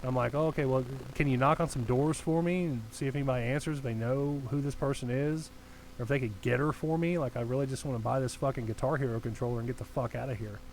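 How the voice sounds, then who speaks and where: A man's voice: medium pitch, fast, slight background noise, low-quality recording. A young man telling a long story in casual podcast chat, rambling and swearing as he goes. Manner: rambling, profane, animated storyteller. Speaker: podcast co-host.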